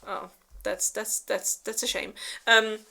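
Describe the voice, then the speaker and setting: A woman co-hosting a book club presents a slideshow summary, casually retelling the plot with lots of fillers, restarts and free swearing. Her mid-range voice is gravelly, pushed and bright, with a level tone and slow pace, and she rambles while acting out characters in exaggerated quoted voices.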